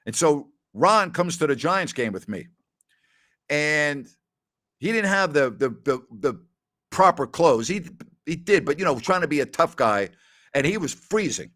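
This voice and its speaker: A man's voice: fairly high pitch, animated, unhurried, a bit bright. Chatty man hosting a Q&A. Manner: chatty, tells anecdotes with quoted dialogue, often says "absolutely". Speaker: host answering listener questions. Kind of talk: casual Q&A storytelling.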